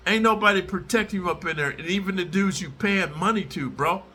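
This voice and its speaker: A man's voice: high voice, fairly quick, sharp tone. A middle-aged man ranting at his audience in a profane, aggressive and confrontational way, as host of his own channel. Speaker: prison storyteller channel host. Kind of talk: profane direct-to-camera rant.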